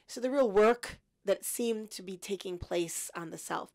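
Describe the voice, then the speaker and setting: A woman in her fifties, a podcast guest, telling her story in an animated, self-mocking way. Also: medium pitch, measured pace.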